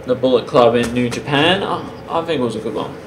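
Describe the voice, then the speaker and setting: A man casually reviewing a wrestling show for his channel, talking in a halting way with many pauses and restarts. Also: mid-range voice. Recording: roomy with faint background hiss.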